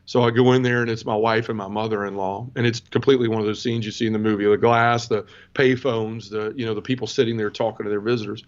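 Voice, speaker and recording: A man's voice: lowish voice, flat delivery, fast, hardly any pauses. A man in his forties, a podcast guest, telling a personal testimony in an earnest, conversational way and often turning to the host. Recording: dull lo-fi sound.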